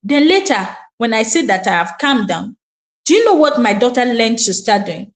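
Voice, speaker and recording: A woman's voice: a little high, very animated, normal speed. A middle-aged woman, a Montessori educator, giving earnest parenting advice and acting out parent-child exchanges.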